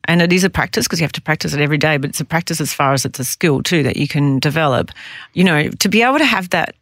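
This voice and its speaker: Podcast host, mid pitch, dry booth sound, thoughtful and lightly amused. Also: expressive, quick pace, fairly bright tone, no room sound. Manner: reflective, adds personal examples and amused asides. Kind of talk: casual podcast conversation.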